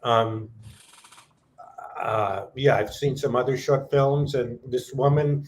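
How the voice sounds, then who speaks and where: A man's voice: mid-range voice, fairly even intonation, slow pace, a little hiss or hum. A man hosting a casual livestream chat, answering in short, supportive remarks.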